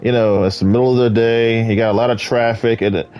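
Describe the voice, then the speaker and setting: A man's voice: mid-range voice, steady tone, brisk, darkish tone, clear, resonant tone, soft background music. A man ranting in an exasperated, rambling way, full of fillers, while commenting on his gameplay. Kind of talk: casual rant over gameplay.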